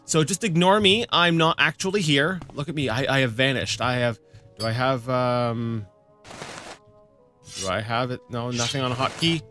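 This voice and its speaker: A man's voice: mid-range voice, normal speed, pushed and bright, soft background music. A man casually commenting on his gameplay as host, rambling and often stammering over repeated words. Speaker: let's play host.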